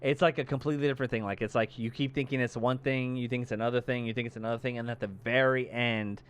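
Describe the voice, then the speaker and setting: A young man chats casually as a podcast co-host, retelling things with animated energy and plenty of swearing. His voice is smooth and resonant, sitting in an ordinary middle pitch. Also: fast. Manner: animated storyteller, swears casually, acts out scenes. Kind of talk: casual chat.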